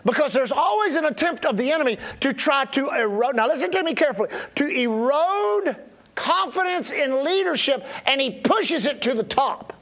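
Male pastor, middle-aged, preaching, high voice, lively swings in pitch, emphatic repetition. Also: fast talker, few pauses. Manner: preaching with emphatic repetition and sudden drops to quiet. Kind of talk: sermon.

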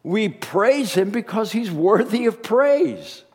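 A congested man delivers a sermon at an unhurried pace, his fairly high voice rising and falling with lively emphasis. He restarts phrases often as he presses his points. The sound carries a long reverb, as if recorded in a large church hall. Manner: animated, emphatic, with frequent restarts. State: congested with a cold. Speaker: pastor.

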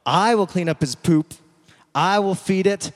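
A man voicing an excited young boy who pleads eagerly for a puppy. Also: high-pitched, unhurried, pitched above the performer's own voice. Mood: eager pleading. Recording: echoey hall.

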